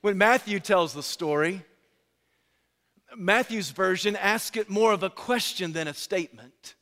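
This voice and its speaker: Preaching man, bright voice, big hall echo. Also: sits high, unhurried. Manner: dramatic, swings from loud pleading to hushed. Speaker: pastor. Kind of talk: sermon. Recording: long hall reverb.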